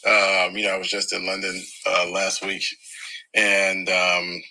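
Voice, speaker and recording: A man's voice: low-pitched, monotone, a little slow, pushed and bright, rough recording. A man with an American accent chatting casually on a live stream, telling stories and laughing easily. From United States.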